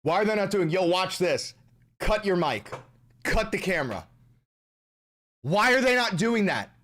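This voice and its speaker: A streamer ranting profanely in a live reaction to a hearing clip. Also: male voice, sits high, very animated, unhurried. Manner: shouting, vulgar, ranting.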